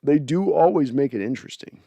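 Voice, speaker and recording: A man's voice: medium pitch, expressive, fairly quick, dark tone, dry recording, highs cut off. A man hosting a casual post-game reaction livestream, rambling and sardonic as he vents and thanks donors. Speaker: podcast host.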